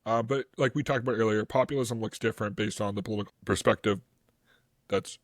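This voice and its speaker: A man co-hosting a casual history podcast, talking in an animated, rambling way with lots of fillers. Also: fairly low pitch, fast talker, no room sound, clean studio sound. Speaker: podcast co-host.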